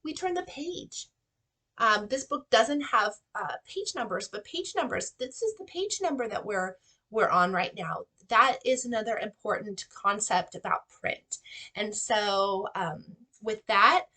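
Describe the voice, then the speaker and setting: Animated woman teacher explaining reading tips. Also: medium pitch, unhurried. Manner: animated, models reading aloud with rising voice. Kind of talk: instructional talk to parents.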